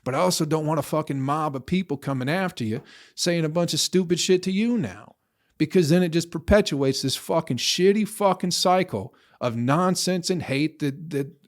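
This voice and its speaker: A man hosting his own podcast, ranting alone in a heated, profane way. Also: a little high. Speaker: comedian podcast host. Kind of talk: solo podcast rant.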